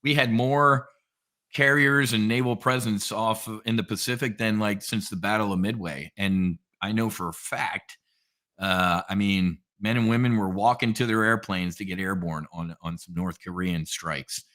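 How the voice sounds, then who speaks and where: Guest trader, male, low bright voice, lively slangy storyteller. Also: normal speed. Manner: energetic storyteller, casual slang. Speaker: podcast guest, options trader. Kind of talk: casual podcast chat.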